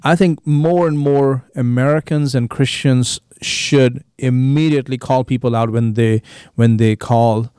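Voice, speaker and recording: A man's voice: mid-range voice, unhurried, few pauses, smooth, no echo. A man hosting a talk podcast, chatting casually in a studio and acting out crowd voices when he makes a point. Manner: animated, mimics crowds in quoted voices. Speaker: podcast host, pastor.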